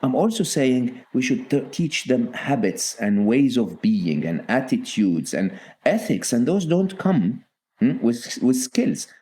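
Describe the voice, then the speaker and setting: A man's voice: mid-range voice, warm tone. A middle-aged man, a guest author on a podcast, talking earnestly and often checking in with "okay?". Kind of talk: podcast interview.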